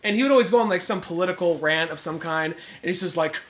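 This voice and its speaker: A man's voice: sits high, fast, fairly bright tone. A young man co-hosting a podcast, telling stories in a rambling way with many fillers and restarts. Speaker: podcast co-host. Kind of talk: casual chat.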